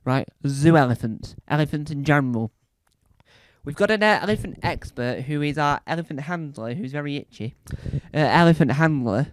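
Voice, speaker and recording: A man telling a rambling, animated comedy story as a stand-up comedian. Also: fairly high pitch, moderate pace, smooth, no echo. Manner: animated, rambling, acts out bits.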